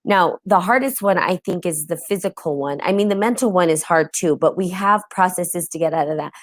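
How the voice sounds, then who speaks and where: A woman hosting a live-streamed spiritual talk show chats casually in a lowish voice, speaking fairly quickly. She checks in with listeners, often adds "right?", and greets viewers mid-thought. The sound is close and dry, with no room around it.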